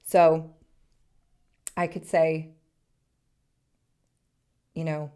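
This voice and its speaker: Woman, 30s, podcast host, gravelly, mellow, earnest, encouraging. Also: sits low, level tone, drawn-out words, long pauses. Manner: earnest, encouraging, speaks in short soft phrases. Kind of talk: solo podcast monologue.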